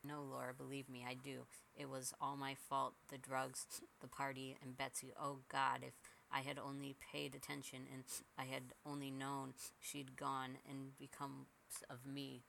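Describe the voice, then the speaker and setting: A man's voice: medium pitch, completely flat delivery, measured pace, gravelly, pushed and bright, a little hiss or hum, full character voice, low-quality recording. A man voicing a pleading tearful mother. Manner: pleading, emotional. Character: distraught middle-aged mother, tearful.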